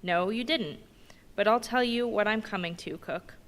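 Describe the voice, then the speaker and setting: A woman reading the lines of a domineering male ship's mate in a brisk, bossy questioning manner. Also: medium pitch, a bit bright, close to an everyday voice. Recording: long reverb in a big hall.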